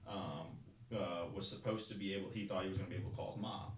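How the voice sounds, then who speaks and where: Fast-talking, rambling low-voiced man. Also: steady tone, reverberant. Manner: rambling, with restarts and acted-out shouted quotes. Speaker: guest. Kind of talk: casual storytelling.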